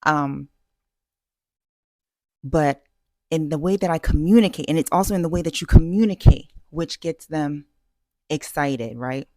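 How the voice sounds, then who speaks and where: Low and darkish, this woman's voice keeps a measured pace and pauses often, captured in a dry, clean studio recording. She's a vlogger giving casual, confident dating advice to camera, emphatic and peppered with fillers and restarts.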